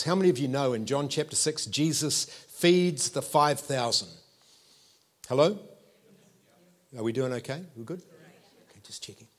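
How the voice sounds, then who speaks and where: A man, preaching a sermon with animated storytelling and playful asides to the congregation. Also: mid-range voice. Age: 50s.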